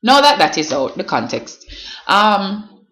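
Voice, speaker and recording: A woman's voice: medium pitch, big pitch swings, slow, a bit bright. A young Jamaican woman with a Jamaican accent, talking emphatically to camera in a casual vlog and switching between patois and standard English. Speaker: vlogger. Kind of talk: spoken-word piece then casual vlog talk. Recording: echoey room, slightly dull sound.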